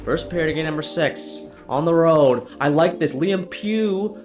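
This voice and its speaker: A young man commentating his own hockey video game, exasperated and swearing, swinging from loud yelling to low muttering. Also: a little slow, soft background music. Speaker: gaming YouTuber.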